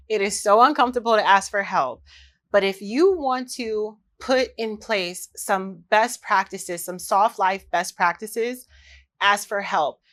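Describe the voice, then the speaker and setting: A woman's voice: medium pitch, fairly bright tone. A woman, hosting a candid, confessional solo podcast and talking straight to her listeners. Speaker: podcast host.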